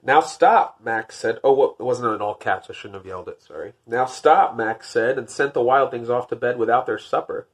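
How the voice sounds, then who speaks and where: A man reading a picture book aloud, lifting his voice for the narration and dropping to wry, deadpan jokes in between. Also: fairly quick, few pauses. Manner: wry, deadpan joking asides; rises for narration, drops low for asides. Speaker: podcast host.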